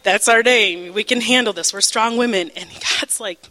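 A woman teaching the Bible through a personal testimony, emotional and halting, with many fillers and restarts, and breaking into laughter at times. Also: on the high side, sharp tone, in a large hall, low-quality recording.

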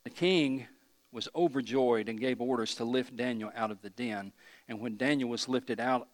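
A man's voice: mid-range voice, normal speed, dry recording, big-room sound. A man pastor preaching a sermon, emphatic and putting questions to the congregation.

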